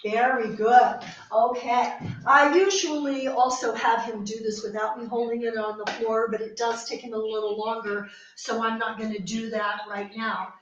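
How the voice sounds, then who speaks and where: A woman who handles a search and rescue dog, giving short commands and warm praise and explaining each training exercise. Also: fairly high pitch, dull audio. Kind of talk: training demonstration with running explanation. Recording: very echoey room, mic at a distance, faint noise.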